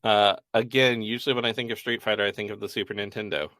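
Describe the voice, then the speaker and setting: A man with a bright, forward tone and a slightly low pitch co-hosts a video game podcast. He jokes in a dry, wry way as he moves through the list. The recording is close and dry. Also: fairly even intonation, fast, dry recording. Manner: dry, joking, wry asides. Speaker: podcast co-host. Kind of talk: casual chat about video games.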